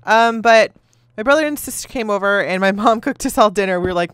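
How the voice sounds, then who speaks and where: A woman's voice: medium pitch, brisk, fairly bright tone, clean tone, no room sound, clean studio sound. A woman in her thirties, a gaming video host, chatting casually and telling rambling stories while she plays, laughing often. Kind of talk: casual chat while playing a game.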